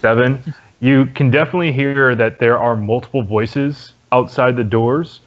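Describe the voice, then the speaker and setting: A man narrating as dungeon master in a relaxed, halting way with many fillers. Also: mid-range voice. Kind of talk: narrating a tabletop game. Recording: dull lo-fi audio.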